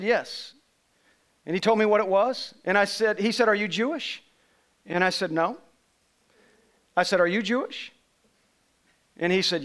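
A man's voice: sits high, a bit bright. A man preaching a sermon, telling a personal story in a conversational way and checking details with people in the congregation. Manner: conversational storytelling, asks congregation members questions. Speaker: pastor.

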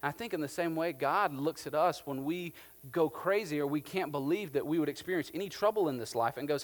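Man, pastor, sermon, chatty storytelling, slightly high voice, long hall reverb. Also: a little fast. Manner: conversational, animated storytelling with filler "like".

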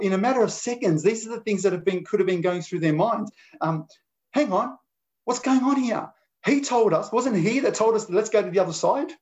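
A man's voice: a little high, darkish tone. A man preaching a sermon in an earnest, conversational way, often restarting his phrases.

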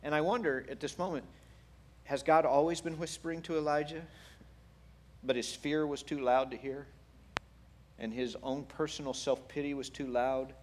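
A man preaching a sermon in an animated, playful way with wry humor. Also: a little high, moderate pace, long pauses, slight background noise. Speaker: pastor.

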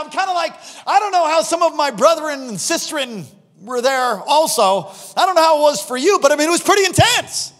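A man in his fifties, a pastor preaching a sermon in church, animated and prone to acting out scenes with sudden shouts. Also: extremely high pitch, fairly quick. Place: church sanctuary. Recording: long reverb of a large hall.

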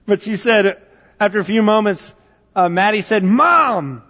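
A man preaching in a church, his fairly high voice ringing with a long reverb in a big room. The sound is a little dull, as if from a modest recording. He tells stories conversationally, with plenty of fillers. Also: level tone, normal speed. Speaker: pastor. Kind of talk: sermon.

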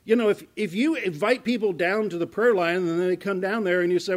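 Slightly high-voiced male pastor teaching. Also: a little fast. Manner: conversational, frequent restarts, dramatic swings between loud and hushed. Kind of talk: sermon-style Bible teaching.

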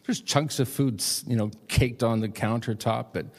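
A middle-aged man preaching a sermon in a church, emphatic and pressing his points. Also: normal speed. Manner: emphatic, rising high when pressing a point. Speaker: pastor. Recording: long hall reverb.

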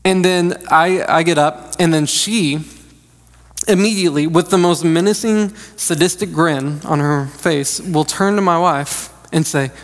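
A man's voice: a little high, a little slow. A man in his thirties preaching a conversational, joking sermon from a church stage, restarting his sentences often. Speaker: pastor. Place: church sanctuary. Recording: long reverb of a large hall.

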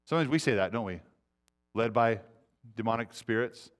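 A man's voice: medium pitch, expressive, moderate pace. Earnest preaching man. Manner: earnest, swings between loud urgency and quiet intensity. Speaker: pastor. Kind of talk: sermon.

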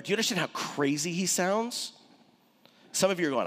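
A man preaching a sermon as pastor, animated and conversational, with dramatic pauses. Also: high-pitched, in a large hall.

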